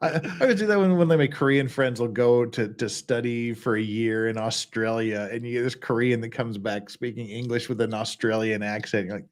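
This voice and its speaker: A man's voice: mid-range voice, fairly quick, few pauses. A man hosting a casual chat, easygoing and laughing often. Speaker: host.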